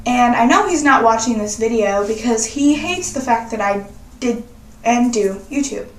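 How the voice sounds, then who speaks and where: A woman's voice: a little high, lively intonation, normal speed. A young woman vlogging in a casual, sassy, profane chat. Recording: roomy echo, distant from mic.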